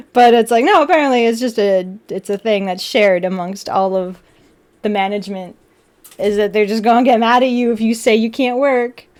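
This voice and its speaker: A young woman streamer chatting casually while building a model kit, animated and full of quoted back-and-forth. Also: a little high, normal speed. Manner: chatty and animated, with frequent laughs and quoted dialogue.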